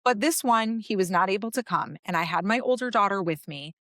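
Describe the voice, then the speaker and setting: A woman in her late thirties talks through a personal story as a podcast guest, in an animated way that acts out each exchange. Her voice sits at a middle pitch. The sound is dry, with no room echo. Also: a little fast. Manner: animated storyteller, acting out the dialogue. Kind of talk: personal story told in conversation.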